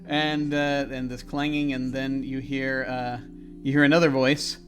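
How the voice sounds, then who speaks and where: Male game master, halting narration, mid-range voice, frequent ums. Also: mid-range voice, flat delivery, faint music behind. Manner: halting, many ums and restarts.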